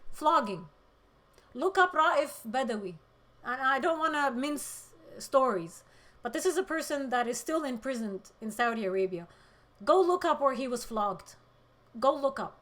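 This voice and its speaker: A woman hosting a political livestream, reading chat comments and speaking with emotion, close to tears, shifting between loud outbursts and quiet moments. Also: high voice, expressive, measured pace. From Middle East.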